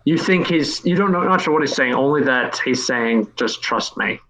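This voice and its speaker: A man's voice: fairly high pitch, lively intonation, normal speed, background noise. A man acting as game master, narrating a tabletop game in an easygoing, matter-of-fact way.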